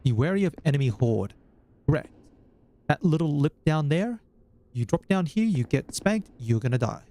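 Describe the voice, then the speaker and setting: A man's voice: a little high, lively intonation, normal speed, warm tone, slight background noise. A man giving chatty, wry let's-play commentary on a game as he plays. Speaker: gaming YouTuber.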